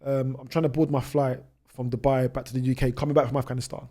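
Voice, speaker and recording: A British man in his twenties, a travel YouTuber, telling stories as a podcast guest. He jumps ahead quickly and restarts his sentences often. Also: medium pitch, level tone, mellow. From United Kingdom. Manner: rapid anecdotes with many restarts. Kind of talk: storytelling in a podcast interview.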